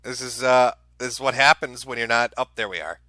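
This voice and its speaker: A man's voice: mid-range voice, fairly quick, bright, forceful tone, no room sound. A man hosting a live stream, giving casual commentary in a sarcastic, profane, ranting way. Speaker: streamer host.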